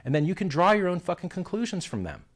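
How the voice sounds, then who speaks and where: A man's voice: high voice, big pitch swings, fast talker. A man being interviewed on a livestream, combative and profane, who hurls insults while defending himself. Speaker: interview guest.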